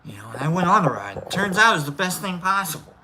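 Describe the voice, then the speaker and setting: A man's voice: high voice, sing-song, fast, crowd noise, low-quality recording. A man hosting a casual livestream, telling a rambling, self-deprecating story with jokes. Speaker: livestream host.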